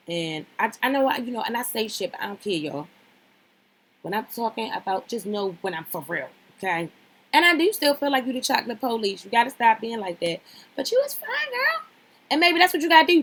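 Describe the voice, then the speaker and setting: A woman's voice: medium pitch, slight background noise. Blunt, outspoken woman vlogger. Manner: blunt, opinionated, swears freely; addresses people directly, repeats herself for emphasis. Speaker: reality show recap vlogger. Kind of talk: casual commentary.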